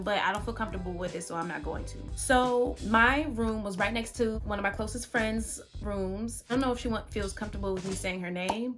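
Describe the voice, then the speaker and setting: A young woman vlogger, telling a story casually to her viewers, animated and exclamatory with a lot of "like". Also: on the high side.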